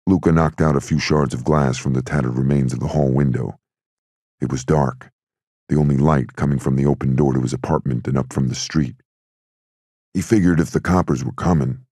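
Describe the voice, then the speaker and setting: Very deep, husky male audiobook narrator. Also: dark tone, no echo, studio quality. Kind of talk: scripted narration.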